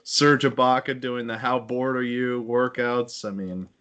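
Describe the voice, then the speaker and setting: A man's voice: mid-range voice, steady tone, unhurried, fairly bright tone, clean tone. A man chatting loosely about sports on a podcast, joking and trailing off. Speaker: podcast co-host. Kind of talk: casual chat.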